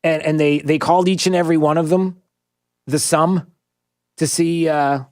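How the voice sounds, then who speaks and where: A male radio talk show host rambling along in an animated way, full of fillers and restarts, in a studio. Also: fairly high pitch, moderate pace, clear, resonant tone.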